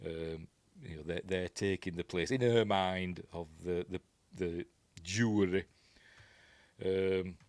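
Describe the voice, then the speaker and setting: A man with a Yorkshire accent talks his way through a film scene by scene in a loose, chatty ramble, stopping and restarting often. His voice sits very low. The recording is close and dry, with almost no room sound. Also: fairly bright tone, no room sound. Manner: rambling, many fillers and restarts. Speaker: film reviewer. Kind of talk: casual film breakdown.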